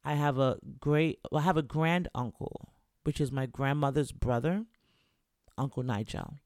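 This clean studio recording, free of echo, features a young American rapper recounting a trip in a mid-range voice at moderate speed. His delivery is casual and lively, crowded with fillers like "like" and "you know."

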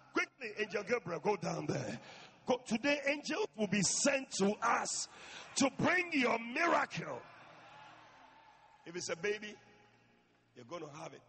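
A man preaching an impassioned sermon in a church, swinging between shouting and hushed speech and repeating phrases for emphasis. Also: high-pitched, very animated, a little slow, pauses often, in a large hall.

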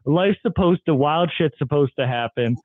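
A man's voice: a little high, lively intonation, moderate pace, no room sound. A man who is a comedian guest, telling wild stories in casual chat and laughing often. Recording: tinny phone-like line, dry.

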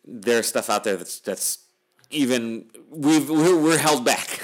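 A man's voice: mid-range voice, slow pace, crowd noise. A middle-aged man hosting a podcast, talking in a wry, weary, rambling way as he wraps up the episode. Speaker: podcast host. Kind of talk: casual podcast chat.

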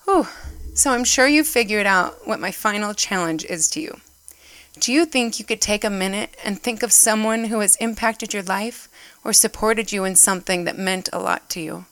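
A woman's voice: medium pitch, moderate pace, fairly bright tone, clean tone, dry recording. A woman giving an earnest devotional talk, reading a story aloud and getting emotional as she goes. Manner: emotional, earnest, gets choked up. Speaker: church speaker.

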